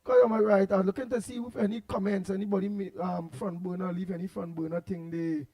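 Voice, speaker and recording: Trinidadian male radio host, very high pitch, animated and rambling. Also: fast talker. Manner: animated, repetitive, laughs often, loud outbursts. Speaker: radio talk show host. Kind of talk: casual radio chat reading listener comments.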